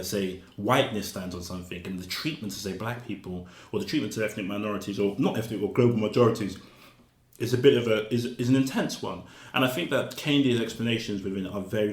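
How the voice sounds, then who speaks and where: A man's voice: fairly low pitch, darkish tone. A male author talking casually as an interview guest, hesitant, with many fillers and repeated words. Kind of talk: casual conversation. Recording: roomy, echoey room.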